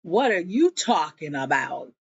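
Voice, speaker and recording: A defiant young woman talks back with cutting sass, as a woman retells the scene. The delivery is slow and unhurried. The audio is dull and close. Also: sits low, sing-song, a little hiss or hum, voice pushed down, exaggerated voice. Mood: sassy. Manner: sassy, cutting.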